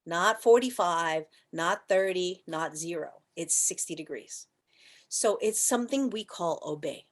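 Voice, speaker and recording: A woman teaching a yoga class online, chatty and playful, asking rhetorical questions and at times softly chanting. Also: fairly low pitch, animated, a little slow. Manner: soft chanting and whispering at times.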